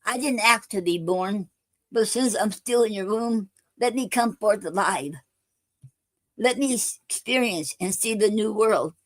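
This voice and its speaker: A woman hosting a poetry livestream, reading her own poems slowly with many fillers and restarts. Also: mid-range voice, no room sound.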